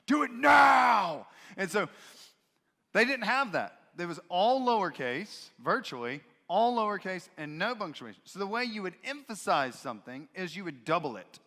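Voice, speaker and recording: A male pastor preaches a sermon in a bright, forceful voice pitched a bit above a typical man's. He's expressive and leans into quoted voices for emphasis, while the church sanctuary gives his voice a long reverb.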